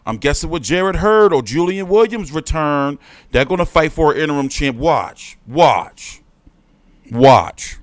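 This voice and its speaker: A man's voice: expressive, a little fast, smooth, no echo. Heated, profane male boxing ranter. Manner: profane, heated ranting with swings in pitch and volume. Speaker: boxing show host. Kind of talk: livestream rant.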